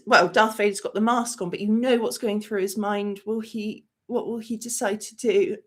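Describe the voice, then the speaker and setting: A woman's voice: on the high side, steady tone, moderate pace. A woman hosting a movie channel in a live-stream chat, talking emotionally and rambling with many fillers. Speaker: host of a movie review channel.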